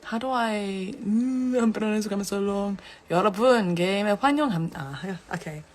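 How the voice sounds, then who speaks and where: A woman's voice: medium pitch, animated, fairly quick, a little mellow. A young woman from England, chatting casually and giggling on an Instagram live stream. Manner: giggly and chatty, laughs often.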